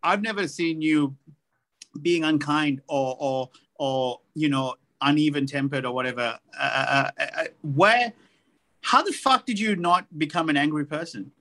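Male podcast co-host, higher pitch, halting casual questions. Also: fairly bright tone. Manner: rambling, hesitant questions. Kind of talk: casual chat.

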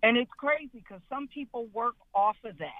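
High-voiced man chatting about sports. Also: moderate pace, no room sound, narrow, tinny audio. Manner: laughs while telling a story. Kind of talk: casual sports talk.

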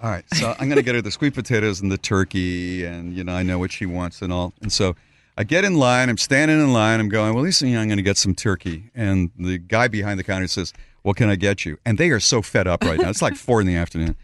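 A man's voice: lowish voice, quick pace, no room sound. A middle-aged man hosting a talk show, telling a story and acting out the quotes. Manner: animated storyteller, acts out quotes. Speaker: radio show host.

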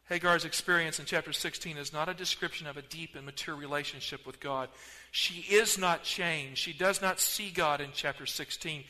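Male preacher, high and piercing, dramatic hush-and-swell delivery, long church reverb. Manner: dramatic, swings between loud emphasis and near-whispers. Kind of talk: sermon. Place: church sanctuary.

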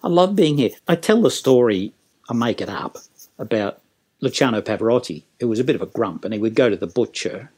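Middle-aged man, lively storyteller and business trainer, chatty, acts out bits of dialogue. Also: medium pitch, a little fast, slightly rough. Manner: animated storyteller, acting out quotes. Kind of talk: casual interview talk.

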